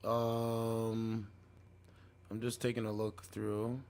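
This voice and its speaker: A man's voice: on the low side, monotone, extremely slow, a little mellow, a little hiss or hum. A man giving loose, rambling casual commentary on clips as a streamer, often saying "man" and "bro".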